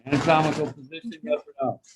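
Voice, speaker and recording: A man with a fairly high voice and fairly even intonation talks fast against a noisy background. He's giving a laid-back anatomy lecture by video call, folksy and full of anecdotes, acting out the people he quotes.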